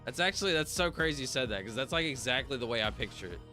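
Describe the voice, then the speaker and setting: A man's voice: mid-range voice, lively intonation, quick pace, sharp tone, faint music behind. A young man livestreaming, chatting casually with viewers in a rambling way full of fillers. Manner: rambling, talks to chat, many fillers.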